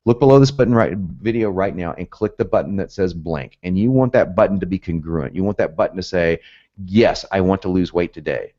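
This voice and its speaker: A low-pitched man with a Southern US accent, with some Northern traces, teaching copywriting with big swings in his intonation. He talks emphatically and gets pumped up, repeats points, and drops in asides. The audio is a bit dull and lo-fi. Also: lively intonation, brisk, hardly any pauses, warm tone. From United States, both North and South. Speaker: copywriting course instructor. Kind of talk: energetic teaching talk.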